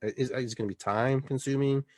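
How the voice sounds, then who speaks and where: A middle-aged man hosts a casual town-hall style chat, talking in an emphatic, rambling way with frequent restarts. His voice sits at an ordinary pitch for a man. The recording is dry, with no room sound. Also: steady tone, fast. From Peru. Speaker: podcast host.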